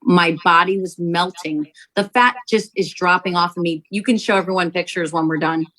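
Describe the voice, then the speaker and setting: A woman, a company founder, telling an animated testimonial story to sell her product, acting out quotes as she goes. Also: fairly low pitch, moderate pace, rough recording. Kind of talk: testimonial sales pitch.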